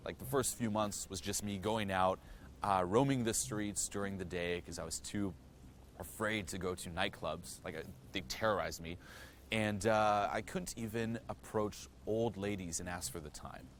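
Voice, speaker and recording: Deep-voiced man, frank and profane. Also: normal speed, a bit bright, a little hiss or hum. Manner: frank and profane, heavy on "you know" fillers; earnest, direct address to viewer. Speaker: self-improvement vlogger. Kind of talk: candid personal storytelling to camera.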